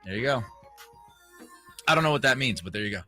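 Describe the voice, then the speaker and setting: A man's voice: mid-range voice, animated, quick pace, music in the background. A man hosting a sports radio show, running through picks with casual chat and easy laughs. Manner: laughs often, runs the segment.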